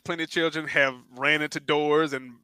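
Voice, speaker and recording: A man on a podcast telling a long story, playing every voice in it along the way. His voice is bright and a little high for a man, and it sits close and dry on the mic. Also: brisk, clean tone, no echo. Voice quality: animated storyteller, acts out quoted voices. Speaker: podcast co-host. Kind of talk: casual storytelling chat.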